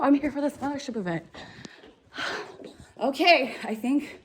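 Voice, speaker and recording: A woman's voice: high-pitched, a little slow, slight background noise. A young woman emceeing a live award ceremony, bubbly and playful as she works the crowd. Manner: bubbly, playful and hyped, talks straight to the crowd. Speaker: event MC. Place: event venue with a live audience.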